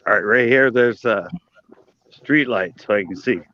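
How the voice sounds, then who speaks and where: A man's voice: on the low side, moderate pace. Laid-back man walking at night, muffled. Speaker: panel guest. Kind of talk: casual chat. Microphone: phone held while walking. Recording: muffled lo-fi phone audio.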